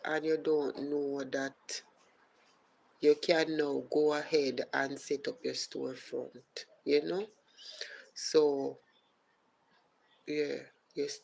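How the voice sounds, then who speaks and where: A woman with a Jamaican accent hosting a live podcast, explaining steps at a relaxed pace and greeting viewers by name. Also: deep voice, vocal fry, poor audio. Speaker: podcast host. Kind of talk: casual live-stream chat.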